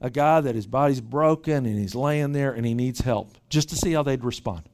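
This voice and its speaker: A man preaching a sermon at a church retreat, animated and often repeating his first words as he starts a thought. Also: medium pitch, normal speed. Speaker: pastor.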